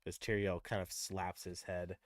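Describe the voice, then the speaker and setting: A man's voice: low-pitched, little pitch movement, moderate pace, dry recording, studio quality. A man narrating as game master in a casual, laughing storytelling way.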